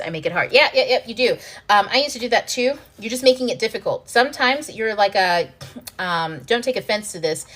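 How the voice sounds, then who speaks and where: A woman's voice: mid-range voice, a bit bright. Casual, profane woman coaching host. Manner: loose and profane, acts out inner dialogue. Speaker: self-help channel host. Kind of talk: casual spiritual coaching talk.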